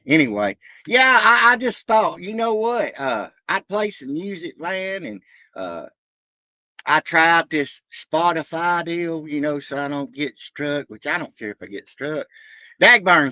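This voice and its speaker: A man live-streaming from a truck stop, rambling excitedly and cursing loosely while shouting out his viewers. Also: on the high side, dry recording, muffled recording. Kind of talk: casual rambling livestream chat.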